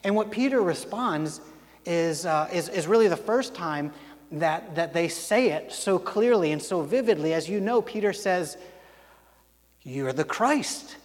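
A man with a high voice preaches a sermon in a large hall, and the sound carries a long reverb. He talks conversationally, stumbling into restarts, then acts out the quotes he tells. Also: animated, normal speed. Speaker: pastor.

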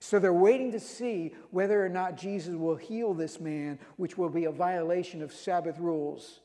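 A man's voice: high-pitched, steady tone, moderate pace, mellow, long reverb tail. A man preaching a sermon, retelling scripture stories with emphasis and reading verses aloud.

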